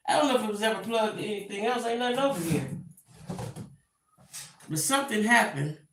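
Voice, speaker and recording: A woman's voice: medium pitch, sharp tone, recorded from a distance, slight background noise. A middle-aged woman, chatting casually and exasperated to her live stream viewers from home. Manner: exasperated, talks to viewers directly. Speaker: vlogger. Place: home room. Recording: roomy, away from the mic.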